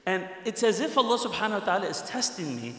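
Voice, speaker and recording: A middle-aged man giving a Friday sermon, telling a personal story in an animated way and speaking straight to the congregation. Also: high voice, fast talker. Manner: animated storyteller who addresses the congregation directly. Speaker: preacher. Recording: echoey hall with long reverb.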